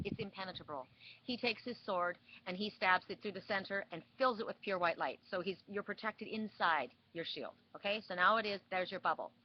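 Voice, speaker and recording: Rambling woman giving a spiritual reading. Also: lowish voice. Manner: rambling storytelling with restarts. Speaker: oracle card reader. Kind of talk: spiritual weekly reading talk. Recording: dull lo-fi sound with faint hiss.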